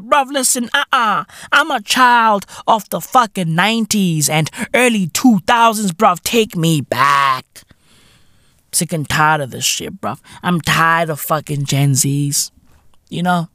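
A podcast host in their thirties, ranting comedically and profanely, breaking into loud outbursts. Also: medium pitch, a little slow, no echo, clean studio sound. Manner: profane, animated, bursts into shouts. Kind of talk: comedic solo podcast rant.

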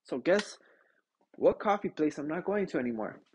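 A young man vents into his podcast mic, swearing and tossing "dude" into every line. He is sick and congested and keeps running short of breath. His husky voice leaps around in pitch as he gets worked up. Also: moderate pace. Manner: profane, animated, says "dude" constantly. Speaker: podcast host. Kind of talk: casual ranting monologue.

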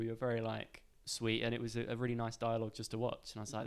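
Quick-talking male podcast host. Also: mid-range voice, monotone, gravelly, clear, resonant tone. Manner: encouraging, quick, chatty. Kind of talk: casual chat. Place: green room backstage.

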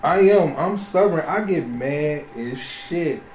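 A man's voice: fairly high pitch, expressive, slow pace, darkish tone, a little hiss or hum. A man chatting casually and emphatically, often repeating himself. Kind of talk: casual chat. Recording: roomy sound with faint music.

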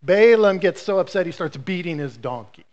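A man preaching with lively, story-driven energy and playful asides to his congregation. His voice sits high for a man. The recording sounds dull and lo-fi. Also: normal speed. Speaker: pastor. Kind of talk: sermon.

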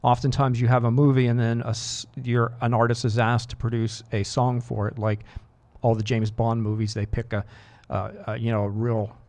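A man's voice: mid-range voice, level tone, moderate pace, a little mellow. A man hosting a rock radio show, chatting casually with rambling, self-deprecating asides into a studio microphone. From Boston area. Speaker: radio DJ host. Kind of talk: casual on-air chat.

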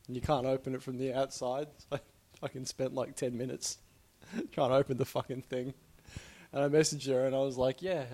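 A man's voice: mid-range voice, a little mellow. A young man talking casually and openly about his life, swearing often and laughing between thoughts. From Australia. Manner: swears a lot, laughs often, rambling and candid. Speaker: podcast host. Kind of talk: casual personal monologue.

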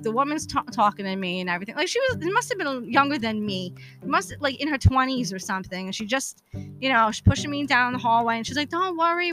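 Candid, animated woman telling a story. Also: fairly high pitch. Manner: candid, profane, animated retelling with quoted dialogue. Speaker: podcast host. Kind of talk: casual storytelling monologue.

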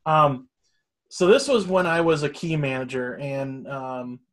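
A man's voice: a little high, a little slow, fairly bright tone. A middle-aged man telling a long story in casual chat, rambling and swearing freely. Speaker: storyteller guest.

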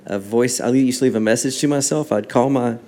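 Male guest, mid-range voice, relaxed storytelling with acted-out dialogue. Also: medium pitch, fairly quick, a little hiss or hum. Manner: animated storyteller acting out dialogue. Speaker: worship songwriter and guest. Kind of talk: casual storytelling interview.

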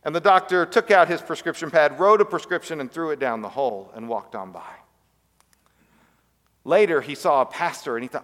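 A male pastor delivers a sermon in a slightly high voice, shaping it as a story. He lets his voice fall to a soft hush on the words that matter most. His voice trails off into a long reverb that fills the church sanctuary. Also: fairly quick.

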